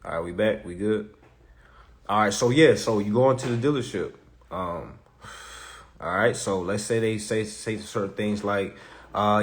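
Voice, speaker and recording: A man's voice: lowish voice, moderate pace. A man teaching credit and consumer law in a casual live class. He jokes, swears a lot and keeps calling out to his audience. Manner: profane, joking, animated, addresses the audience as y'all.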